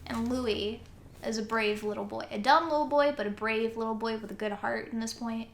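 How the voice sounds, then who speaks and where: A woman's voice: fairly high pitch, moderate pace, vocal fry. A young woman co-hosting a podcast, retelling a story in casual chat and acting out the quoted lines as she goes. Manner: animated storyteller who acts out quoted lines. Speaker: podcast co-host. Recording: echoey room, faint noise.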